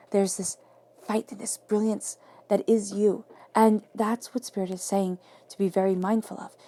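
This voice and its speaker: A woman giving a spoken tarot reading, emphatic and affirming, often dropping into soft whispers. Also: mid-range voice. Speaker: tarot reader.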